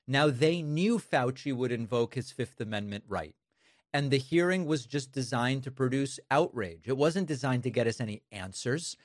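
A man's voice: mid-range voice, dry recording. Scornful male commentary host, dry sound. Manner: scornful, sarcastic. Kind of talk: opinionated commentary over clips.

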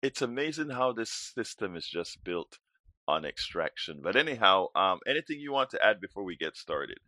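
Male call-in show host, preachy and emphatic, sharp tone, low voice. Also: sing-song, normal speed, no echo. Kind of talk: call-in political talk show.

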